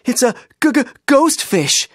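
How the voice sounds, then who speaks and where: Jittery boy fish, stammering, put on by a storybook reader, lively pitch. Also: slow, breathy edge, no room sound, clean studio sound, exaggerated voice. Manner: stammering when scared.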